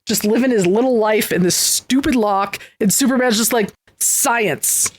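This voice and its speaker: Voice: mid-range voice, brisk, dry recording. A podcast co-host recapping an old comic, sarcastic and swearing casually. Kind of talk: casual comic book chat.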